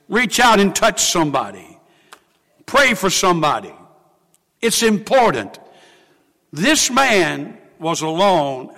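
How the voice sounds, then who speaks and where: A man preaching a sermon, swinging from hushed, emotional confession to loud exclamation. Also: on the high side, in a large hall.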